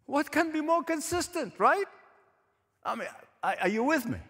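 A man's voice: very high voice, sing-song, moderate pace, a bit bright. A man preaching a sermon, emphatic, repeating points for stress and asking his listeners questions. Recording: echoey hall with long reverb.

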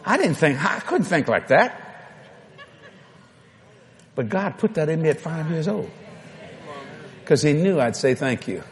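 A man with a Cajun accent preaching a folksy storytelling sermon, swinging from loud to soft. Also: on the high side, big pitch swings, a little slow, long pauses, a little hiss or hum. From Louisiana.

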